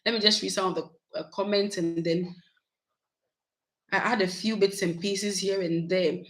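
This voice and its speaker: A woman, chatting casually with her viewers in a vlog, animated and laughing often. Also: medium pitch, measured pace, rough recording. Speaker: YouTube vlogger. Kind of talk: casual live chat with viewers.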